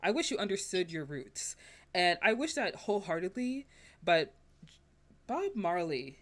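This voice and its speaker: A woman's voice: on the low side, sing-song, a little slow. A woman film critic, a guest on a podcast, giving passionate, emphatic opinions in casual chat.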